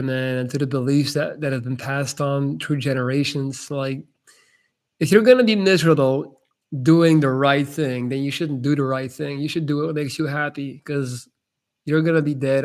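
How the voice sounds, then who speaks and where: A man's voice: mid-range voice, fairly even intonation, normal speed. A young man hosting a casual live-stream chat, answering viewers' questions in a blunt, laid-back way and calling people "man".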